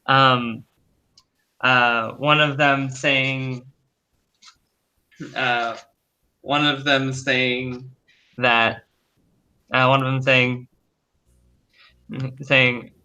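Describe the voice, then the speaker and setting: A man leads a tabletop game over an online call, narrating slowly as game master. He hesitates often and restarts his sentences. His voice is bright and clear. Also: mid-range voice, flat delivery. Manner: halting, full of ums and restarts.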